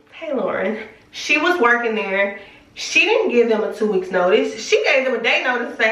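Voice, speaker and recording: A woman's voice: fairly high pitch, expressive, fairly quick, a bit bright, distant mic, lo-fi sound. A young woman telling a personal faith story in a candid, chatty way, full of fillers. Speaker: vlogger. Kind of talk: casual storytelling testimony. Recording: roomy echo, speaking from off the mic.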